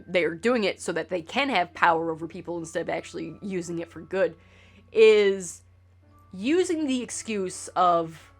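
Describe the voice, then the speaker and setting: A woman hosting a let's play, congested and talking in a rambling, opinionated way, swearing now and then during casual gaming commentary. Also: lowish voice.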